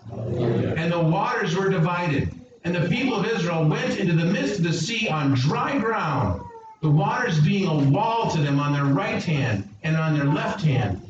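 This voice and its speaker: Pastor preaching from far in an echoey church. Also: male voice, sing-song, moderate pace. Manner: emphatic preaching, reads scripture aloud and voices God's words with rising pitch. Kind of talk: sermon. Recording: roomy echo, distant mic, dull sound with background noise.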